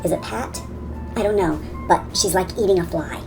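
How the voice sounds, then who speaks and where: A woman's voice: lowish voice, normal speed, music in the background. A woman beauty vlogger chattering playfully to herself and her products, giggling often. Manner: giggly, talks to herself and objects.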